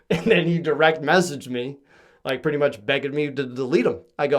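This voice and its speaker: A man's voice: on the high side, normal speed. A young man from Massachusetts, hosting a podcast in a casual comedic monologue, swearing freely and acting out quoted lines. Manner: profane, animated storytelling with mock-quoted voices. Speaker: podcast host.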